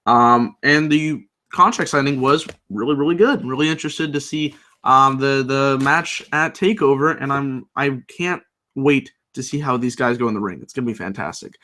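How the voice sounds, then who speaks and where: A man's voice: medium pitch, normal speed, bright, forceful tone. A young man recapping a wrestling show in a casual, rambling video review, full of fillers and restarts. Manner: rambling, filler-heavy, enthusiastic.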